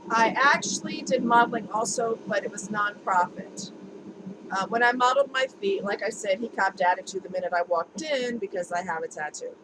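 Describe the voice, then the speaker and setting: In a home video shot on a camera mic, with background noise clearly audible, a woman chats candidly to the lens about her experiences. She laughs often, and her mid-range voice moves at a moderate pace.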